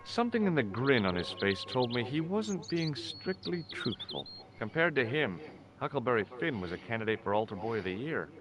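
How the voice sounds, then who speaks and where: Man playing a calm dry investigator, lively pitch, game music underneath. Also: moderate pace, lightly acted. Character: dry, curious adult male investigator. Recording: game audio with music behind.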